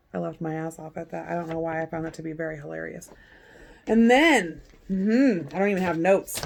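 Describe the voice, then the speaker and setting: A woman's voice: fairly low pitch, slight background noise. A woman vlogger giving a blunt, profane, sarcastic recap in casual chat. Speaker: vlogger recapping a court hearing.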